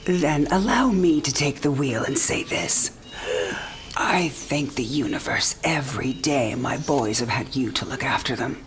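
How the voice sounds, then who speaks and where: A dying mother in her sixties with a low, dusky voice. She talks in a breathy, half-whispered way, teasing and frank. This is a video game cinematic. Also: lively intonation, measured pace. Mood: tender. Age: 60s.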